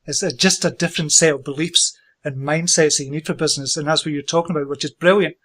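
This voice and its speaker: A man hosts an interview with enthusiasm and encouragement, quick to praise his guest. His voice is a little higher than most men's. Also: steady tone, fairly bright tone. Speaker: interview host. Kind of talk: conversational interview.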